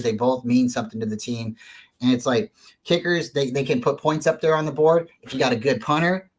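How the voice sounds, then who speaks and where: A man at an ordinary middle pitch chats as a guest, telling long earnest stories. He rambles, leans on fillers and often restarts his sentences in an easygoing, casual way. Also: slightly rough, rough recording. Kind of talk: casual storytelling interview.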